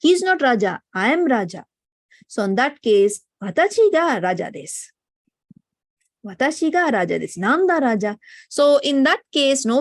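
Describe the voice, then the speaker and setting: A woman with an Indian English accent teaches a Japanese grammar class online, explaining patiently and tagging her sentences with "no?" and "right?" to check in. Her voice is a little high, and the recording is dry and studio quality.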